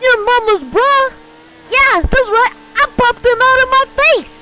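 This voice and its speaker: A man voicing a hyper, squeaky male monkey who shouts in short bursts during gameplay commentary. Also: steady tone, unhurried, slight background noise, exaggerated voice, poor audio.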